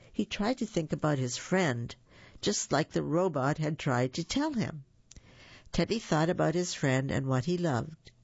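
A storyteller reading a children's picture book aloud, animated and warm, with small slips. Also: mid-range voice, vocal fry, breathy edge, no echo, dull audio. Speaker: storybook reader.

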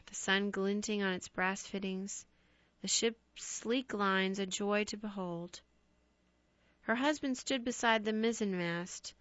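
A woman narrating ghost stories as an audiobook in a measured, expressive storytelling voice. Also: medium pitch, dry recording. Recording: dry, slightly dull recording.

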